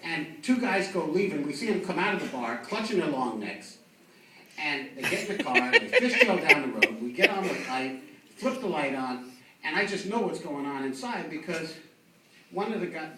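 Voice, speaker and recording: A man's voice: a little high, expressive, moderate pace, sharp tone. A man doing stand-up, telling cop stories with lots of fillers and restarts. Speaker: stand-up comic. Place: comedy club stage. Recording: echoey club from a distant mic with faint noise.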